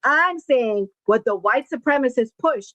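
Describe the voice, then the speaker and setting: A woman's voice: fairly high pitch, expressive, unhurried, a bit bright, no room sound, poor audio. A woman on a debate panel pressing her point and repeatedly trying to clarify what she meant. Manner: insistent, keeps interrupting to clarify. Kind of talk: live-streamed debate.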